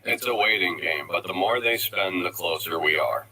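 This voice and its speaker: A man narrating sarcastic voice-over commentary in a deadpan monotone. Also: sits low, moderate pace, a little hiss or hum, low-quality recording.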